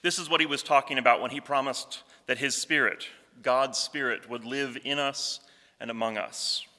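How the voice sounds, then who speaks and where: A man with a bright, forceful tone delivers a reflective sermon at a measured pace. His voice rings out with a long reverb, as if recorded in a large hall. Quoted scripture comes slower and softer. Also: mid-range voice, steady tone. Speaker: pastor.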